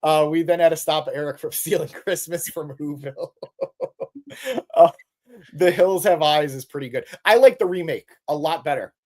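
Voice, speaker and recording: A man's voice: fairly high pitch, moderate pace. Chatty man reading live chat aloud. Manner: reads chat comments aloud and swears jokingly. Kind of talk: casual live stream chat.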